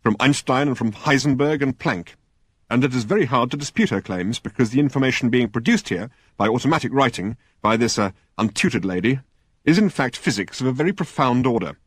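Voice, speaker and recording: A man's voice: medium pitch, lively intonation, brisk, husky, dry recording, studio quality. A man playing a pompous middle-aged male scientist who lectures testily and sounds self-important. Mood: hushed.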